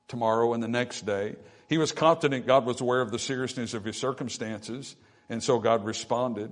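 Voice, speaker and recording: Guy preaching a sermon, normal pitch, gets loud then goes real quiet, reads old-style scripture. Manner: preaching with swells of volume and soft drops. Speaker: pastor.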